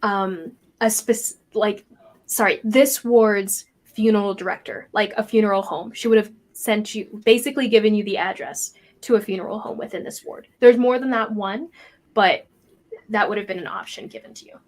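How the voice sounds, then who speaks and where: A woman running a tabletop game as its game master. She narrates and explains in a loose, relaxed way, filling pauses as she goes, at a middling pitch.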